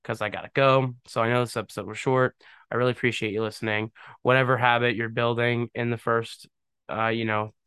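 A man's voice: fairly low pitch, creaky, fairly bright tone, clear, resonant tone, no room sound. Blunt rambling male podcast host. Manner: rambling, blunt, scoffing, with many fillers. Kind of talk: casual solo podcast talk.

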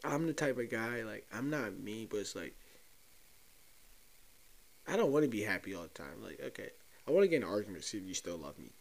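Speaking on the low side with brisk, animated delivery, this young podcast host rants loosely and profanely on his solo show. His voice is creaky and he pauses often, talking straight to listeners as though letting them in on a secret.

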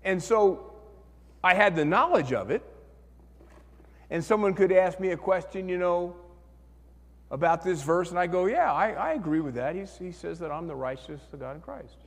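A man preaching a sermon as pastor, telling a story in an animated way and acting out the voices in his head. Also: high-pitched, moderate pace, pauses often, long reverb tail.

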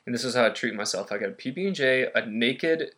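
A young man in his twenties talks in a relaxed, casual podcast chat at an ordinary middle pitch. He speaks loosely, with a goofy streak that keeps breaking through. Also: quick pace. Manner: goofy, breaks into silly high cooing voice. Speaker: podcast co-host.

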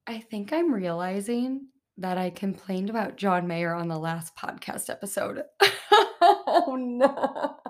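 A woman's voice: lowish voice, normal speed, hardly any pauses, a little mellow. A young woman hosts a casual solo podcast and rants at easy conversational length. She fills her talk with "like" and "um", swears freely, and drops little laughing asides as she goes. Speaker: podcast host.

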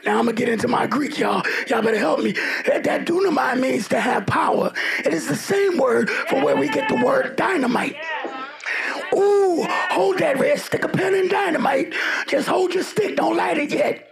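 A man preaching a sermon, shouting with fervor and humor, calling on the congregation to answer back. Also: very high voice, expressive, normal speed, gravelly, a crowd in the background. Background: loud music.

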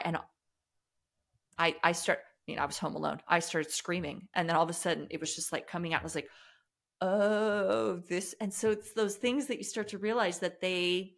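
A woman's voice: lowish voice, fairly quick, fairly bright tone. A woman speaking as a podcast guest and trauma coach, earnest and reflective, often restarting her sentences in candid conversation.

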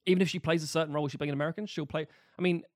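A man who talks quickly and rambles through examples in a casual chat, swearing here and there. His pitch is middling. The sound is dry and close. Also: fairly even intonation, no echo.

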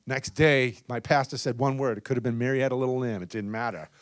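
A man preaching a charismatic sermon, swinging between loud exhortation and soft, intimate asides, often adding "come on" and "right?". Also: medium pitch, fast talker, dry recording, studio quality. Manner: peppers talk with "come on" and "right?".

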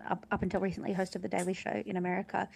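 Young woman co-host with a gravelly edge, thoughtful casual talk. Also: mid-range voice, flat delivery, racing, darkish tone, slight background noise. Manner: thoughtful, many "um"s. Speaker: podcast co-host. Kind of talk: casual chat.

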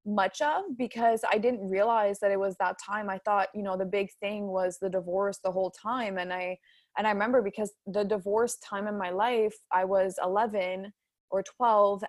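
A woman's voice: medium pitch, dry recording. Young woman podcaster, dry close sound. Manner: rambling, many fillers and restarts. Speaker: podcast host. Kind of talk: casual podcast chat.

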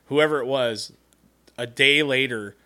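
A man's voice: medium pitch, unhurried, bright, forceful tone, smooth. A man hosting a podcast, telling a story in casual, profane chat and laughing often. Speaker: podcast host.

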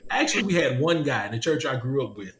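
A man's voice: mid-range voice, very animated, fast talker, a bit bright. A man telling a personal story with animation, laughing often and repeating his lines. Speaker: podcast host. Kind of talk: casual testimony chat. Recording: echoey room with faint ambience.

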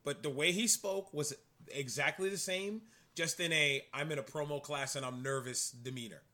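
A man's voice: on the high side, moderate pace, pushed and bright. A man co-hosting a wrestling podcast, chatting casually and politely cutting in with asides. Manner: polite interjections, apologizes for cutting in. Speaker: podcast co-host. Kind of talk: casual chat.

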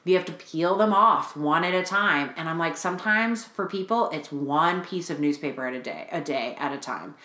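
Low-pitched woman chatting frankly on a podcast, swears a lot, echoey room. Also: moderate pace, few pauses. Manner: animated, frank storytelling with frequent swearing. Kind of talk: casual podcast chat. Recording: roomy echo.

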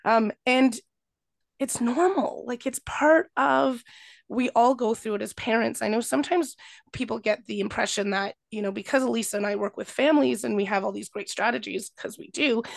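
Gravelly-voiced woman co-host, dry sound. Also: a little high, dry recording. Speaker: podcast co-host, family coach. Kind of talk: casual podcast chat.

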